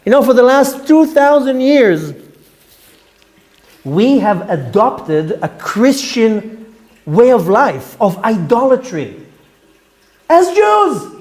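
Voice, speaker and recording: A man preaching as a rabbi, fiery and rebuking, repeating words for emphasis and swinging between shouts and hushed tones. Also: very high-pitched, sing-song, takes it slowly, long pauses. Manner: repeats words for emphasis, asks rhetorical questions. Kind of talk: impassioned sermon.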